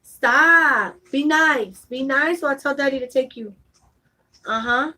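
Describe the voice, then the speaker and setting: A woman's voice: high-pitched, slow pace, pushed and bright, poor audio. A woman vlogging at home, talking to her baby in a coaxing voice and chatting with viewers. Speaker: vlogger and mother. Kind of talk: casual home vlog chat.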